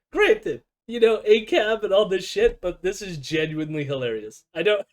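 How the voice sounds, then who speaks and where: A man's voice: high-pitched, darkish tone. A man hosting a stream, reacting to a clip in casual commentary with a sardonic, swearing edge and frequent laughter. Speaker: streamer host.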